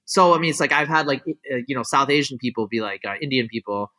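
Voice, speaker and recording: A male guest scientist in a casual interview speaks quickly in a medium-pitched voice that sounds bright and forceful. Rambling and opinionated, he explains his views at length, heavy on "like" and "you know" fillers.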